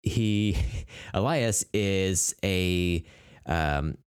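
A man's voice: low-pitched, extremely slow, clean tone. A man co-hosting a podcast in casual chat, rambling loosely and swearing now and then. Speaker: podcast co-host.

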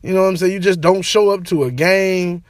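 Young man, vlogger, high voice, slangy, animated rant, catchphrases, dry close sound. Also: fairly quick, dry recording. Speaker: sports and entertainment vlogger. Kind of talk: casual opinion rant to camera.

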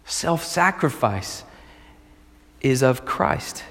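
A male pastor preaching a sermon, retelling a story with animated, emphatic delivery. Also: on the high side, unhurried, in a large hall.

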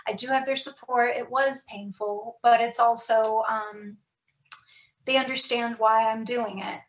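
A woman's voice: fairly high pitch, fairly even intonation, measured pace, roomy sound, rough recording. A woman talking candidly and reflectively as an author guest in a casual podcast conversation, with many fillers and restarts.

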